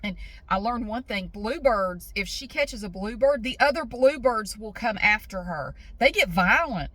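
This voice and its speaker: A middle-aged woman vlogger telling a story casually to the camera, lively, swearing and acting out what people said. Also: a little high, a little slow, no room sound. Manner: animated, swearing, acts out quotes.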